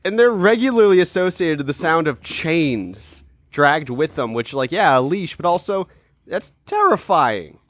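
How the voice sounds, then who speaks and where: A young American man co-hosting a podcast, chatting casually and animatedly, swearing and doing loud mock howls. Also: fairly high pitch, very animated, measured pace, dry recording. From United States. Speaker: podcast co-host. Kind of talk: casual chat.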